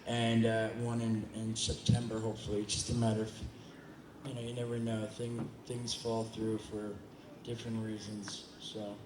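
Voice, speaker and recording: A man's voice: on the low side, completely flat delivery, normal speed. A man answering audience questions at a convention panel, rambling, joking and swearing freely. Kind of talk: casual audience Q&A. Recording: echoey hall with background noise.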